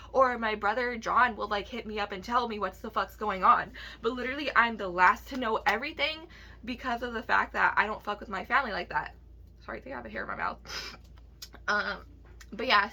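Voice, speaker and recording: A woman's voice: medium pitch, pushed and bright. A young woman in a casual vlog, ranting emotionally to her viewers with heavy swearing.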